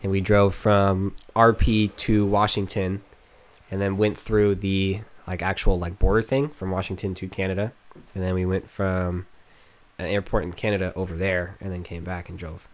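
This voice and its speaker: A man's voice: deep voice, flat delivery, moderate pace. A young man co-hosting a podcast in casual chat, cracking crude jokes and roasting people. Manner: joking, roasting, crude banter. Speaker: podcast co-host.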